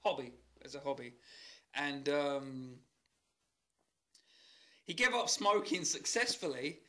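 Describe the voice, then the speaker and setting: A man's voice: a little high, lively intonation, slow pace, sharp tone. A man co-hosting a casual podcast chat, telling sweary anecdotes and often laughing. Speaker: podcast co-host.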